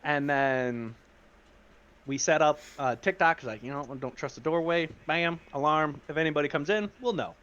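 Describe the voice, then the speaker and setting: A man's voice: fairly high pitch, moderate pace, fairly bright tone, clear, resonant tone, lo-fi sound. A man recapping a tabletop game session in casual slang and acting out the characters.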